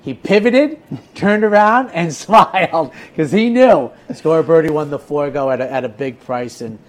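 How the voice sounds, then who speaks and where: Animated higher-voiced man talking horse racing. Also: moderate pace. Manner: animated storyteller, repeats words when starting. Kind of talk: casual racing talk show chat.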